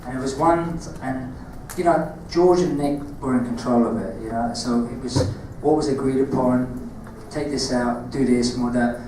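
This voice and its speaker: A man with a Cockney accent answering questions on a convention panel, telling animated stories, laughing and acting out moments, recorded from the audience far off in a large hall. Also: mid-range voice, normal speed, few pauses, background noise. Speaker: panel guest, actor and martial artist. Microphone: audience camera far from the stage.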